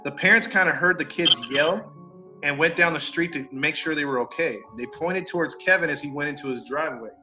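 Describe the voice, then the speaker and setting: Male podcast storyteller, bright and forceful voice, animated and acting out the quoted people, slightly high pitch; dull lo-fi recording with faint music. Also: fairly quick. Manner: animated, acts out quoted neighbors, mild cursing. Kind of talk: casual storytelling chat.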